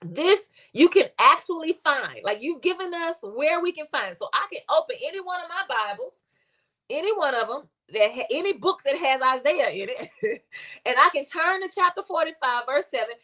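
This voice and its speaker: A woman's voice: sits high, animated, moderate pace, sharp tone. A woman pastor, preaching conversationally and telling a story with rising fervor.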